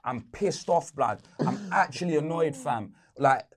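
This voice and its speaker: A man's voice: a little high, animated, measured pace, breathy edge. A young man ranting about his football team in casual slang, exasperated and emphatic. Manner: ranting, exasperated, street slang tags on every line. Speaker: football fan pundit.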